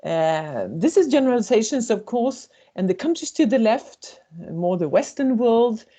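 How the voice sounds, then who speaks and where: A woman's voice: fairly high pitch, big pitch swings, moderate pace, mellow. A woman, a consultant presenting a webinar, telling stories and acting out what people say. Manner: storytelling, acting out quoted voices. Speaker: intercultural communication consultant.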